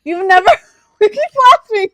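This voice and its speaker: A woman's voice: very high-pitched, expressive, normal speed, fairly bright tone. A young woman co-hosting a podcast in casual chat, playful, laughing often and arguing back. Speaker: podcast co-host.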